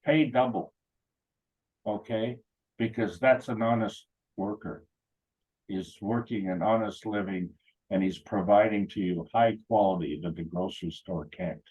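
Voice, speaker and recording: A man's voice: lowish voice, steady tone, measured pace, darkish tone, breathy edge, rough recording. A man telling rambling, anecdotal stories at a meeting, with many fillers and restarts. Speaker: meeting speaker. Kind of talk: casual talk.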